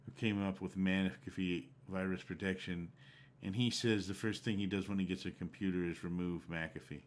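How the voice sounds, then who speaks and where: A man's voice: sits low, fairly even intonation, normal speed, slight background noise. A man streaming a game, chatting casually and rambling from one topic to the next. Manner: rambling, conversational. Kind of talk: casual live-stream chat.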